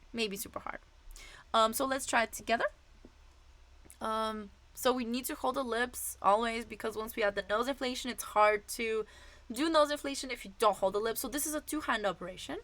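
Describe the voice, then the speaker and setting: A woman's voice: on the high side, fairly quick, pushed and bright. A woman voice teacher explaining vocal exercises in a casual, demonstrative way with frequent fillers.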